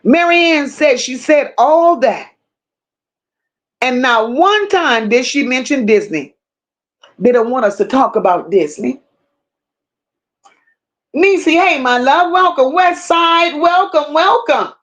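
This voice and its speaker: Blunt, high-voiced woman livestream host. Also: animated, slow, pauses often, fairly bright tone. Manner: blunt, emphatic, greets viewers by name. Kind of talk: casual livestream commentary reading chat.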